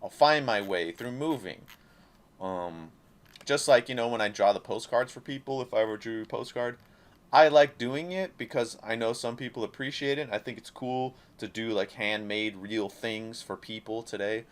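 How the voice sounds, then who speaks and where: A man's voice: medium pitch, moderate pace. A man giving a passionate, profane, rambling monologue as an independent creator speaking to camera. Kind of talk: casual talking-head monologue.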